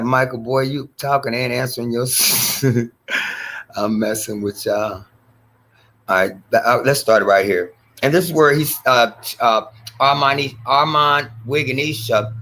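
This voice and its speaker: A man with a bright, forceful voice hosts a casual commentary stream. He talks chattily to his viewers and throws in excited exclamations, with a lilt. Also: mid-range voice. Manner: chatty, keeps addressing "y'all", animated exclamations. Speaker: commentary show host. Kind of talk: casual commentary, reacting to clips.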